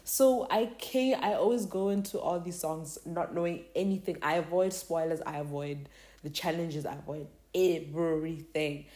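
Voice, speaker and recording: Casual vlogger, woman, mellow lowish voice, rambling slangy delivery. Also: normal speed. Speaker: K-pop reviewer. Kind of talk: casual talk to camera.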